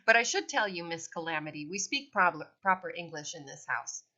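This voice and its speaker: A woman's voice: fairly low pitch, expressive, brisk, pushed and bright. A woman voicing a gushing Southern mother with a chirpy hostess manner, in a dull lo-fi recording. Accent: Southern US, put on.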